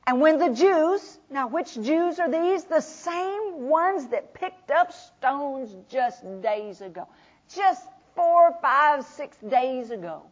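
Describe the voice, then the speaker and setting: A woman preaching a sermon, retelling scripture dramatically, swinging from loud proclamation to hushed whispers. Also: sits high, expressive, takes it slowly. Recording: dull lo-fi recording.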